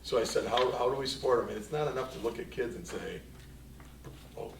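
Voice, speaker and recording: Rambling superintendent in an echoey room. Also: male voice, medium pitch, lively intonation, fairly quick, gravelly, a little hiss or hum. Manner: rambling anecdotal storytelling, quoting himself and others. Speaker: school superintendent. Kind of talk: board meeting report. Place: meeting room. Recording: echoey room, distant mic, faint ambience.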